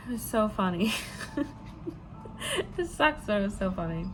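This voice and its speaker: A woman's voice: mid-range voice, very animated, unhurried, noisy background. A woman with a stuffy, nasal voice from allergies, telling stories in a casual vlog, laughing often and swearing. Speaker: vlogger.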